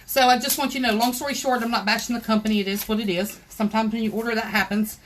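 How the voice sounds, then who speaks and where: A woman's voice: on the high side, steady tone, racing, a little hiss or hum. A woman, hosting a casual live crafting tutorial at home and chatting straight to her viewers. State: out of breath.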